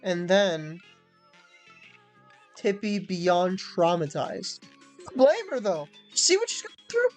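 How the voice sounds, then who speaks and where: Young woman hosting a let's play, animated, chatty, giggly, with faint game music under her voice. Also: lowish voice, slow, pauses often. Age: young adult. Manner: chatty, filler-heavy, giggly asides. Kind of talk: casual gameplay commentary.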